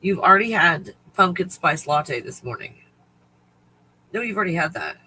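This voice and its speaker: A man's voice: high-pitched, lively intonation, normal speed, sharp tone, a little hiss or hum, poor audio. A man hosting a casual spiritual livestream, talking in a rambling, profane way and often laughing. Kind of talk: casual chat to viewers.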